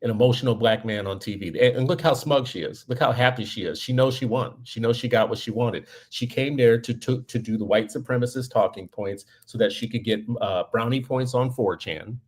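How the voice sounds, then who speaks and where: Guy on a podcast ranting, animated storyteller, medium-pitched voice, gets worked up. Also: brisk, hardly any pauses. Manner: animated storyteller, heated and emphatic. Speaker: podcast co-host. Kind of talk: casual commentary chat.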